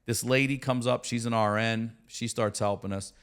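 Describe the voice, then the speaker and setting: A middle-aged man telling a story casually in a studio, animated and profane. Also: mid-range voice, normal speed, smooth. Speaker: comedian and podcast guest.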